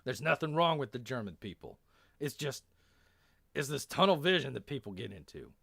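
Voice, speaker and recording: A stoic, scarred army lieutenant with a put-on Texan drawl, as a storyteller voices him. He talks in calm, earnest sentences with an animated rise and fall. The sound is dry and close. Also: mid-range voice, normal speed, creaky, no echo, voice pushed up, full character voice.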